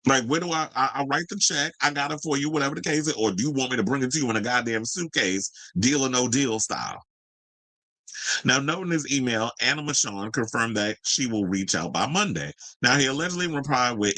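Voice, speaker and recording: Sassy guy ranting gossip on a podcast, bright voice, swears a lot, dry close mic. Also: lively intonation, brisk, dry recording, low-quality recording. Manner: brash, profane and sassy, jumping to high exclamations. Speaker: podcast host. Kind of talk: unscripted celebrity gossip commentary.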